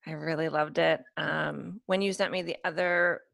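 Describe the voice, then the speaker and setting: A young adult woman, a podcast guest, chatting earnestly with many halting restarts and fillers. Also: deep voice, steady tone, vocal fry, a bit bright, no echo, clean studio sound. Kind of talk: casual chat.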